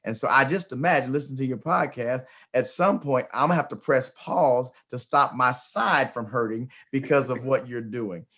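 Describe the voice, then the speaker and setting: A man's voice: mid-range voice, normal speed, hardly any pauses, fairly bright tone, slightly rough. A man hosting a motivational interview, talking emphatically and often repeating words as he starts a thought. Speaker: host.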